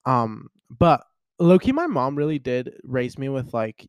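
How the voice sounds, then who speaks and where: A young man vlogging in a casual chat to camera, telling stories in a chatty, animated way with lots of fillers. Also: mid-range voice, unhurried, clear, resonant tone, dry recording, studio quality. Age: young adult.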